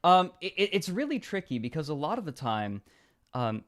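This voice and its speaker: A man's voice: on the high side, very animated, normal speed, crowd noise. A man hosting a casual livestream, rambling and chatty and laughing often. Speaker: stream host. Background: faint music.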